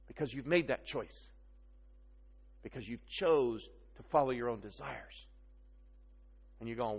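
A man preaching a sermon, conversational and animated, asking his listeners questions. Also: fairly high pitch, measured pace. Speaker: pastor. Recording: long hall reverb.

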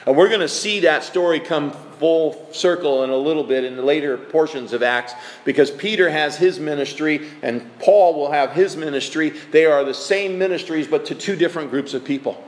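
A man preaching a sermon as pastor, conversational, animated and emphatic. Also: fairly high pitch, moderate pace, hardly any pauses. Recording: echoey hall.

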